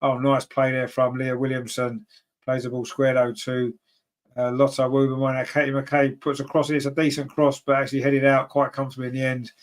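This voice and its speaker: A man runs a fan watchalong, calling a live football match and reading out viewer comments. He's openly partisan and grumbles about team selections, and his voice shoots up in pitch and volume whenever a chance arrives. His pitch otherwise moves little, and he talks a little fast.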